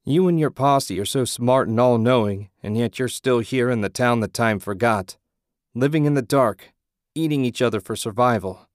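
A man reading an audiobook, voicing a young man shouting scornful defiance. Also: mid-range voice, normal speed, dry recording, clean studio sound, lightly acted. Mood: defiant.

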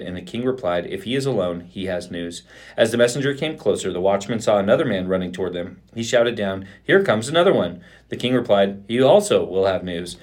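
A man, a pastor, reading scripture aloud, lifting his voice for the quoted speech. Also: lowish voice.

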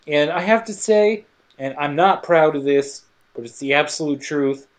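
Man, high pitch, loose crude podcast banter, quick asides. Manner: jokey, crude, acts out characters in quick asides. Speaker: podcast co-host recapping a film. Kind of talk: casual comedic chat.

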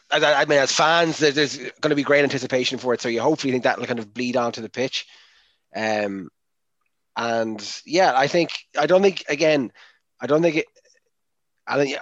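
A man's voice: medium pitch, no room sound, muffled recording. A man talking casually on a sports podcast, hesitant, with frequent fillers and restarts. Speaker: podcast co-host.

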